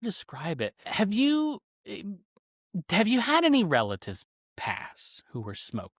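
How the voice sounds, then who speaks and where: A man's voice: high-pitched, huge pitch swings, unhurried, fairly bright tone, dry recording, clean studio sound. Laid-back man telling shop stories. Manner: loose and storytelling, with swearing and laughs. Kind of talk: casual podcast conversation.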